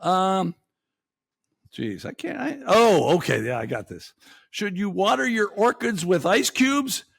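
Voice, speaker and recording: A man's voice: sits high, big pitch swings, a little slow, creaky, fairly bright tone, breathy edge, no echo. A man hosting a podcast, telling a crude, exasperated story in profane bar-talk style. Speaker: podcast host. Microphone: studio mic.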